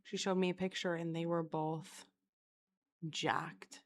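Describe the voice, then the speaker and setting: A woman's voice: fairly low pitch, little pitch movement, takes it slowly. A young woman from Florida rambling through a casual storytime vlog, chatty and self-mocking, swearing constantly. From Florida, USA. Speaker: vlogger.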